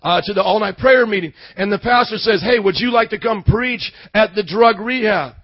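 A man preaching, telling his story in a sermon, from quiet storytelling up to shouted passion. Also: sits high, normal speed, dry recording, dull audio. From Indiana suburb. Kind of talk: sermon testimony.

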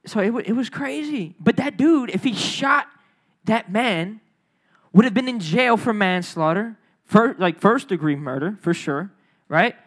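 High-voiced, animated young preacher man. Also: a little slow. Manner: animated, slangy, acts out the people in his stories. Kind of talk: storytelling sermon. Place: church hall.

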